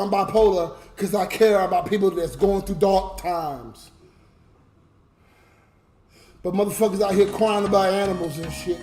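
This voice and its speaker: A man's voice: high-pitched, a little mellow. A drunk man livestreaming as a comedian, talking to his viewers in a raw, emotional rant. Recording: roomy echo with music behind.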